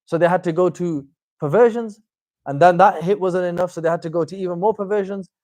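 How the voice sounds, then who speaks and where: A man giving an informal religious lecture as a teacher, animated and conversational, with frequent fillers and wry asides. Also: high voice, fairly quick, dry recording. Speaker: Islamic teacher giving a talk.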